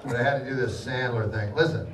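A middle-aged man doing live stand-up with a deadpan, rambling delivery and mumbled fillers, heard in a large hall with a live audience. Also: mid-range voice, quick pace, recorded from a distance, noisy background. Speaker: stand-up comedian. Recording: roomy live hall, loud crowd laughter.

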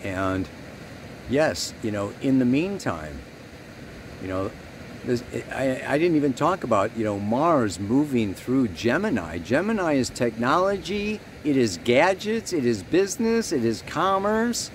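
Man, astrologer, slow unhurried delivery, earnest and rambling, faint hum behind. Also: mid-range voice, very animated. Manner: rambling, earnest, emphatic on key words. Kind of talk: spiritual astrology talk.

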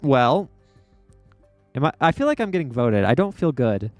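A man giving excitable gameplay commentary as a YouTuber, yelping and laughing often as things happen. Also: mid-range voice, no echo, faint music behind. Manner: excitable, quick to yelp and laugh. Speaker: gaming YouTuber.

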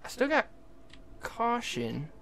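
A young livestreamer calls out live gameplay in a bright, tense voice that swings all over the pitch range, with a gravelly fry at the edges. The delivery is excitable and jokey, with remarks thrown at characters on screen, and a faint hum of noise sits under the voice. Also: slow. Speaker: gaming livestreamer.

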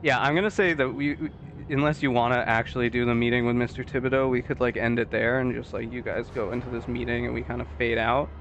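A man's voice: medium pitch, steady tone, fast, fairly bright tone, dull audio, slight background noise. A laid-back man running a tabletop role-play as game master, laughing easily.

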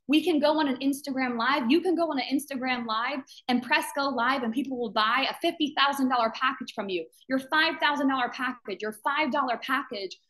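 She has a high-pitched, fairly bright voice. As the founder of a business community, she gives a fervent motivational talk to members on a live video call, hammering phrases through repetition and voicing others' doubts in quotes.

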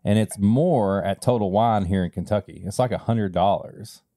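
A man co-hosting a whiskey podcast, chatting playfully and tossing out quick questions. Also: on the low side, mellow, dry recording, clean studio sound. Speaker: podcast co-host. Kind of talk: casual chat while tasting whiskey.

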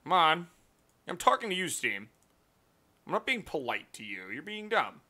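A man's voice: a little high, very animated, moderate pace, pushed and bright. A man streaming live, ranting in a profane, exasperated way at his computer.

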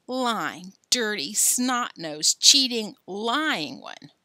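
A woman's voice: medium pitch, lively intonation, very slow, pushed and bright, no room sound, full character voice. A woman voicing a spiteful rival boy who sneers out insults during a storybook reading. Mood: sneering.

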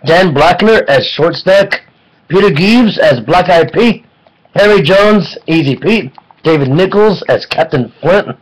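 A man giving a casual online film review, excitable and rambling, with jokes between points. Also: on the high side, poor audio.

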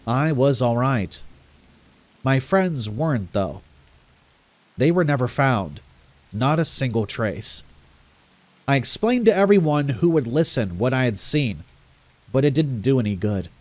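A man narrating a first-person horror story at a measured pace in a mid-pitched voice. His delivery is grave and steady.

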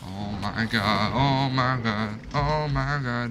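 Streaming his gameplay, a young man with a medium-pitched voice speaks slowly, panicking and poking fun at himself as things fall apart in the game he's addressing. Background noise can be heard.

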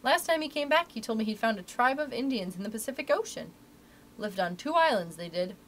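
A woman's voice: fairly high pitch, animated, fairly quick, a bit bright, slight background noise. A woman reading aloud, voicing a chatty, folksy male cat's-meat seller who talks in a rustic way. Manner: folksy rustic talk, dropped letters. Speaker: library story reader.

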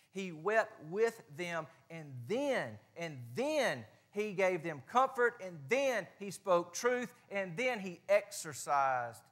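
A man with a Southern US accent delivers a sermon in a church, his voice sitting high for a man. He talks in a folksy, plain-spoken way, rising to loud stretches and then dropping to a hush. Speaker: preacher. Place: church sanctuary.

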